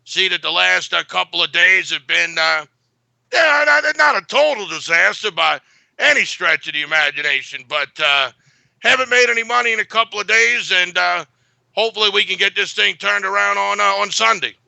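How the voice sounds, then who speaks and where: A man's voice: high-pitched, lively intonation, moderate pace, creaky, bright, forceful tone, no echo. A man giving a sports betting pick in a blunt, boastful way, full of filler uhs.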